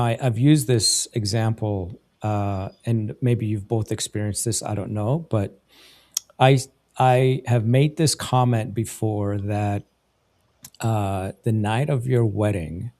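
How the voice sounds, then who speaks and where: A man in his fifties hosting a live interview show, giving advice in a reflective and earnest way. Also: lowish voice. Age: 50s. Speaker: host.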